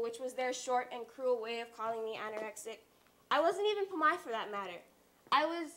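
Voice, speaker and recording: A teenage girl speaks from a stage in a high, bright voice. She is earnest and confiding, slipping in wry asides to the audience. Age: teens. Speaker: student speaker. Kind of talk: personal stage talk. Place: stage at a youth talk event.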